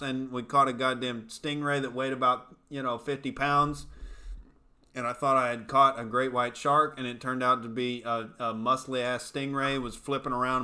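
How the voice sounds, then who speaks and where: A male comedian hosts a live commentary show, riffing and swearing freely as he reads out viewer comments. His voice is bright and forceful. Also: medium pitch. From United States. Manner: brash, profane, joking. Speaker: comedian host. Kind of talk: casual commentary show chat.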